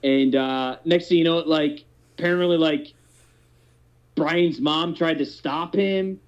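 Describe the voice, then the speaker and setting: A man's voice: on the high side, steady tone, takes it slowly. Profane rambling man telling a story. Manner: rambling, profane, many restarts. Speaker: podcast host telling a story. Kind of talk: casual storytelling chat. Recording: dull lo-fi podcast audio.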